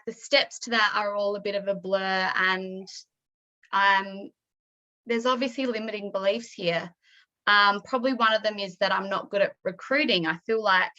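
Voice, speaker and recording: A woman in her thirties sharing emotionally on a group video call, halting with many ums and close to tears. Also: medium pitch, pushed and bright, highs cut off.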